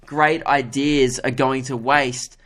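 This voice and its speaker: A young man hosting a solo podcast. He tells a story in a casual, self-mocking way, swears freely and jumps up in pitch to mimic the people he quotes. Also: slow. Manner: animated, jumps into higher voices to mimic others. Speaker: podcast host.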